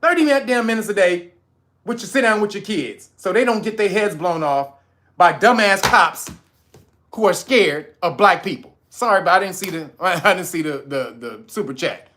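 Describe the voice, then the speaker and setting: A man's voice: sits high, lively intonation, moderate pace, bright, forceful tone, a little hiss or hum. A man hosting a livestream, ranting in a blunt, profane and preachy way. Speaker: livestream host. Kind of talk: heated livestream rant.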